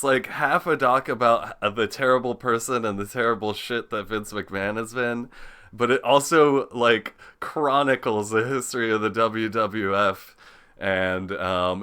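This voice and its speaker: A man's voice: lowish voice, bright, forceful tone, clean tone. A man co-hosting a casual podcast, easygoing and laughing often between remarks. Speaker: podcast co-host. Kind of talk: casual chat.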